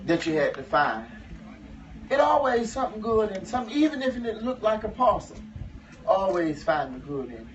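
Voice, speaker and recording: A wry, folksy enslaved man in his thirties spins a funny tale in dialect speech, chuckling as he goes, as a man acts him out. His voice sits high for a man. It comes from far off, dull and muffled with noise behind. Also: very animated, moderate pace. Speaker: living history performer. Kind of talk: first-person historical storytelling to a live audience. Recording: muffled, distant, noisy live recording.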